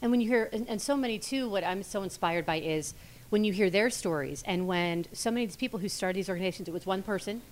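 A woman guest on a podcast, talking with eager enthusiasm in a voice of middle pitch. She tells stories in a lively, animated way. Her manner stays friendly and casual. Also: fast talker. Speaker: podcast guest and host of her own show. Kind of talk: casual chat.

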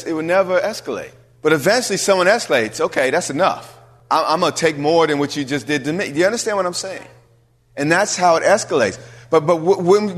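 A male pastor preaching an emphatic sermon, swinging from loud emphasis to hushed asides. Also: on the high side, in a large hall.

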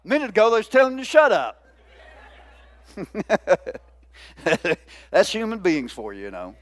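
A man's voice: sits high, sing-song. A man preaching a sermon, drawing out key words and calling for the congregation's response. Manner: call-and-response preaching, drawn-out emphasis. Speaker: pastor.

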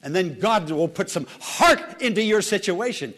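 A man's voice: high-pitched, lively intonation, moderate pace, few pauses, a bit bright. A man preaching a sermon as pastor, fervent and exhorting, repeating phrases with dramatic swings in delivery.

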